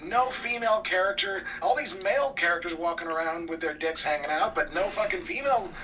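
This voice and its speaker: A man's voice: high-pitched, a little fast, sharp tone, far from the mic, soft background music, pitched above the performer's own voice, poor audio. Man putting on an indignant woman ranting.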